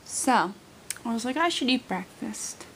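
A young woman vlogger chats casually to her camera at a measured pace, her voice a little high and expressive. She rambles with lots of filler words, and there's background noise in the recording.

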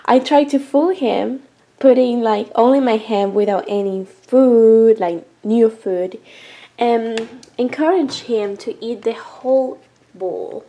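A woman's voice: a little high, takes it slowly, warm tone. A woman vlogging casually as a vet tech, chatty, laughing often and talking to her cat. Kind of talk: casual vlog chat.

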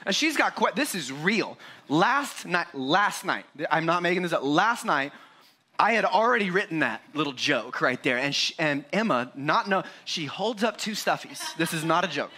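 A man's voice: on the high side, big pitch swings, normal speed, pushed and bright, husky. A man in his forties preaching a sermon at church, chatty and joking, acting out scenes from family life. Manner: jokey and conversational, acts out his kids in a raised voice. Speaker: pastor.

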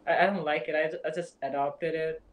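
A man's voice: fairly high pitch, steady tone, a little fast, low-quality recording. A nineteen-year-old man from India speaking in a put-on Canadian accent, hesitant and stammering in a casual video chat. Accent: put-on Canadian English. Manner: hesitant, stammering, laughs often. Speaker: chat stranger. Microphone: video call.

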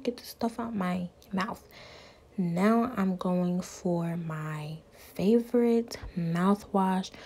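A woman's voice: on the low side, dark tone, slightly rough. A woman vlogging casually and talking straight to her viewers in a chatty, playful way, often dropping to a near whisper. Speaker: beauty vlogger. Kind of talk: casual vlog chat and voiceover.

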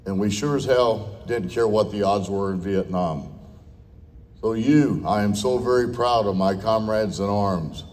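A man's voice: lowish voice, unhurried, darkish tone. An older man giving a blunt, folksy, off-the-cuff speech at a veterans' dinner, with salty language. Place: large dinner hall. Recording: long hall reverb.

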